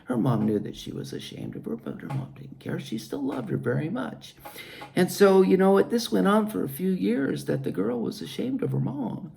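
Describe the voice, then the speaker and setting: A man's voice: high-pitched, big pitch swings, normal speed, gravelly, mellow, slight background noise. A man teaching children a Bible lesson, telling a story in an earnest, chatty way. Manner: earnest, addresses listeners as "you guys".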